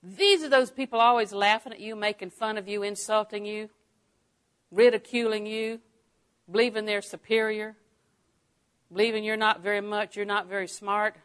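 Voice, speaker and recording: A Bible teacher, an older woman, preaches with a bright, clear tone in a mid-range voice. Frequent chuckles punctuate her lively sermon as she voices her own thoughts in brisk quoted asides, shifting from hushed confidences to loud, emphatic statements.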